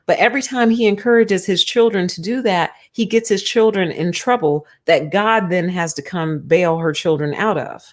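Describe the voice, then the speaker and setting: Brief: lower-voiced woman, emphatic streamer talking casually about faith. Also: normal speed, hardly any pauses. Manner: emphatic and conversational. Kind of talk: casual spiritual commentary.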